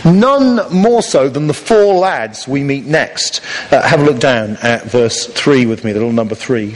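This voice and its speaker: A man's voice: mid-range voice, measured pace, hardly any pauses. A man preaching a sermon, telling the story with humour and acting out voices. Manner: lively storytelling, acts out voices for comic effect. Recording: long reverb of a large hall.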